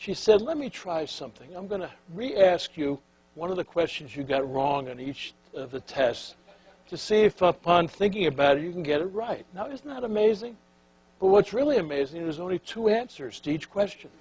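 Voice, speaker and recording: A man with a husky, slightly raised voice tells a leadership story in a folksy, anecdotal way. He keeps turning to the audience with questions as he goes. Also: sits high, expressive, normal speed, poor audio. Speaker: keynote speaker. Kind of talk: storytelling speech.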